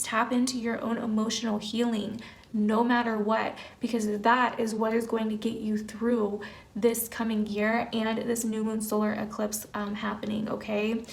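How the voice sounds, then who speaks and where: Speaking to camera, a young woman gives a tarot reading that is earnest and emphatic yet casual, packed with "like" and "you know." Her voice is fairly high with vocal fry.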